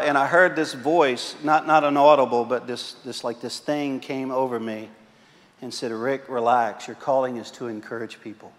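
Male pastor with a high voice, playful, self-deprecating sermon delivery, church hall reverb. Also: fairly bright tone. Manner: joking, self-mocking storyteller.

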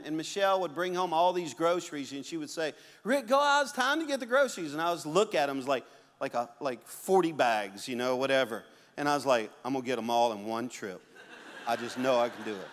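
A middle-aged man preaching a sermon as a pastor, animated and acting out the quotes and stories he tells. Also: high voice. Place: church sanctuary. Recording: long hall reverb.

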